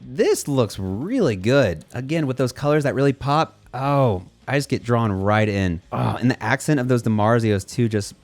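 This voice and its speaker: A man's voice: medium pitch, lively intonation, normal speed, hardly any pauses, soft background music. Man, enthusiastic vlog host, casual and gushing. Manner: enthusiastic, gushing, uses "man" and "dude" a lot. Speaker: YouTube bass channel host. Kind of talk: casual video commentary.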